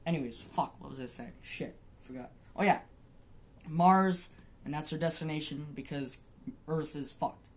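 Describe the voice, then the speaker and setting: Low-voiced rambling woman podcaster. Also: moderate pace. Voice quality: profane, rambling, laughs often. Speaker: podcast host. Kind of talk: casual solo podcast rant.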